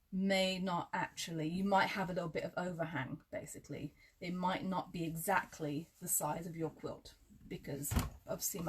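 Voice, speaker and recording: A woman's voice: on the low side, slightly rough. A woman teaching quilting in a chatty live tutorial. She talks through measurements step by step and drifts into friendly asides.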